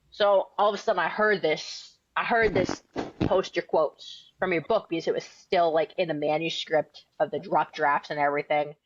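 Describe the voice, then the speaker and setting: A woman's voice: low-pitched, steady tone, moderate pace, highs cut off. A young woman in her twenties from New England, a firefighter and author telling her story as a podcast guest in a blunt, outspoken, slangy way. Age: 20s. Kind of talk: casual interview storytelling.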